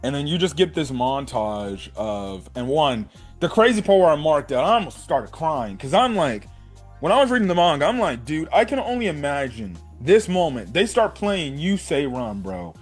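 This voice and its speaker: A young man giving a casual, excited episode review, talking in a loose run of fillers and slang. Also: a little high, moderate pace, soft background music. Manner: excited fan talk, many fillers and "bro". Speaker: anime reviewer.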